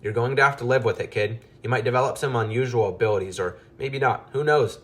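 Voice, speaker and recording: A man's voice: mid-range voice, fast, fairly bright tone, close to an everyday voice. A man voicing an exasperated male mad-scientist mouse who grumbles and scolds wearily in a storybook tale.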